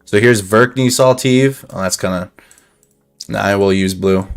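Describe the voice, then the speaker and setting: Low-voiced man narrating a war map. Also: measured pace, smooth, soft background music. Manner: casual, thinking aloud with restarts. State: slightly dry throat. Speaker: war news commentator. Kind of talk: live map breakdown commentary.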